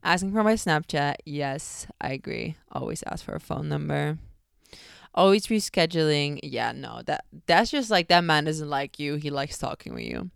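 A woman's voice: low voice, sing-song, normal speed, gravelly, clear, resonant tone, no echo, studio quality. A young American woman hosting a podcast, chatting bluntly and casually and swearing freely. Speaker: podcast host. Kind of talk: casual chat.

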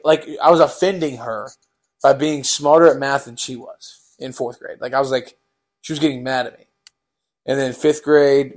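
A man's voice: mid-range voice, a little mellow. A young man telling a casual storytime on a podcast, rambling with lots of fillers.

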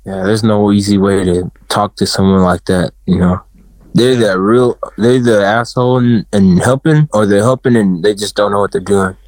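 A man with a fairly low voice tosses out joking, offhand replies in loose conversation. He is recorded close, with a dry sound. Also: fairly even intonation, moderate pace, darkish tone, no room sound, rough recording. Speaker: chat partner. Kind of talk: casual chat.

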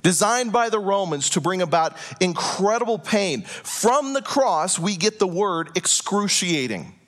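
High-voiced man preaching earnestly. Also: expressive, a bit bright. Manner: earnest preaching with dramatic pauses, voicing imagined prayers. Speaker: pastor. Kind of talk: sermon. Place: church hall before a congregation.

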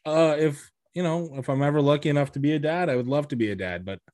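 A man's voice: fairly high pitch, fast, a little mellow. A single man co-hosting a podcast in casual chat, rambling with lots of fillers. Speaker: podcast co-host.

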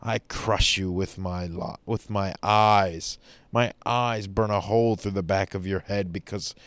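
A man's voice: lowish voice, smooth, no room sound. A man playing a pompous, disdainful serious man who hurls haughty, sneering insults.

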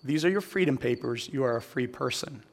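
A man's voice: medium pitch, expressive, fairly quick. A man voicing a kind gold miner who speaks earnestly and pleads. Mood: pleading. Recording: echoey hall.

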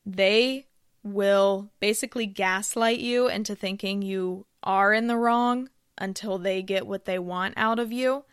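A woman's voice: mid-range voice, a bit bright, clear, resonant tone, no room sound, studio quality. A young woman hosting a podcast, giving business advice in a chatty, casual way with frequent filler phrases. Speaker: podcast host.

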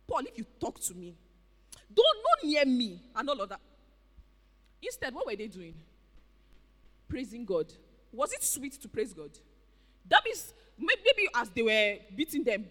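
Nigerian-accented preacher, bright and animated, exclamatory delivery, long hall reverb. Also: medium pitch. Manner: animated, exclamatory, with pidgin interjections. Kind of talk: sermon.

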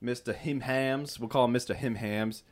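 A man's voice: mid-range voice, steady tone, moderate pace. A man rambling through stories in a casual group chat, laughing often and swearing.

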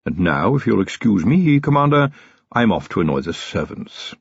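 A man's voice: on the low side, big pitch swings, normal speed, creaky, slightly rough, dry recording, dull audio, full character voice. Man putting on a cheeky, knowing manservant. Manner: blunt, knowing, chatty. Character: shrewd cheeky male manservant, middle-aged.

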